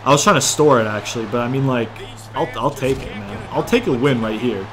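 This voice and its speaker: A man's voice: medium pitch, brisk, music in the background. A man giving casual, rambling gameplay commentary, thinking aloud and swearing freely. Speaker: gaming YouTuber.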